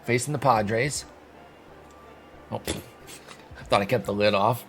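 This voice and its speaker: A man giving casual, excitable commentary while playing a sports video game, talking to his viewers and mocking himself. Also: fairly low pitch, slow, slight background noise. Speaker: gaming video host.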